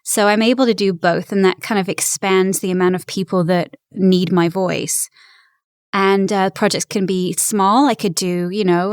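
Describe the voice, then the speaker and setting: A woman's voice: medium pitch, fairly even intonation, normal speed, smooth, no echo, clean studio sound. A woman in her thirties from England, speaking with an American accent as an upbeat, chatty voice-actor guest who laughs easily in an interview. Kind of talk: casual interview chat.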